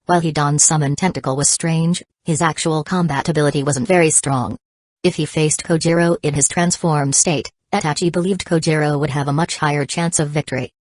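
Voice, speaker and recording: A woman narrating an audiobook in an even, steady reading. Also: low voice, no room sound. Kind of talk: scripted narration.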